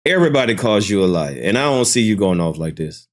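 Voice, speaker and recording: A man's voice: lowish voice, sing-song, fast. A man reacting to clips with casual, dismissive commentary, amused and blunt. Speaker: commentary host.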